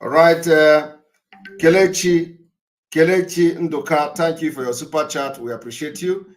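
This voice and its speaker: A man's voice: a little high, steady tone, a little slow, soft background music. Emphatic man hosting a call-in broadcast. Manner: emphatic, repeats himself, many fillers. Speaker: broadcast host taking callers.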